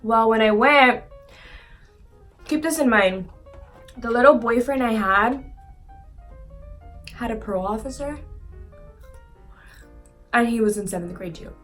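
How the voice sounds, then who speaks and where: Chatty young woman with a higher voice. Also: measured pace, long pauses, fairly bright tone, soft background music. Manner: chatty, peppered with "like" and swearing, acts out quoted lines. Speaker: vlogger. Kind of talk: casual storytelling while eating.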